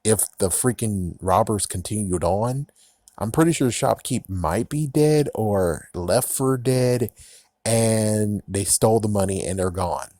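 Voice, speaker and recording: A man's voice: fairly low pitch, a little slow, dark tone, no echo. A man casually recapping and reviewing a TV episode, sarcastic and profane, often breaking into laughs.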